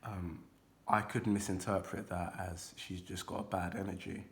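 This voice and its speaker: A man's voice: low voice, flat delivery, normal speed, creaky, fairly bright tone. A young man giving a casual, rambling card reading to his viewers, talking loosely and swearing now and then. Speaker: intuitive card reader.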